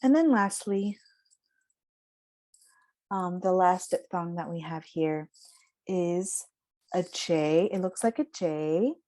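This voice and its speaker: Lady teacher going slow through vowel sounds, kinda low voice, careful. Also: warm tone. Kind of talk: phonetics lesson.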